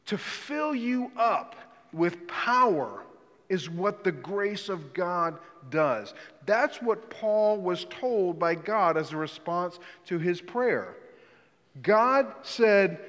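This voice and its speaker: Earnest preacher in an echoing hall. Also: male voice, expressive, measured pace. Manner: earnest and emphatic, often drops to a quiet, low voice for stress. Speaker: pastor. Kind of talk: sermon. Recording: long reverb of a large hall.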